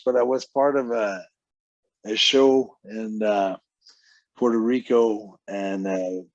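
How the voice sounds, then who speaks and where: A man's voice: medium pitch, a little mellow, dry recording, dull audio. A man, a wrestling guest telling long rambling stories in a casual interview, acting out the people he quotes. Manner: rambling anecdotes with quoted voices.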